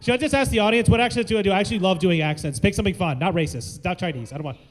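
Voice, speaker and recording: A man from the American South co-hosting a live comedy show, loud, playful and exclamatory, working the crowd. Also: high voice, racing. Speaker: comedy co-host. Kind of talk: stand-up hosting with crowd work. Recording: echoey hall.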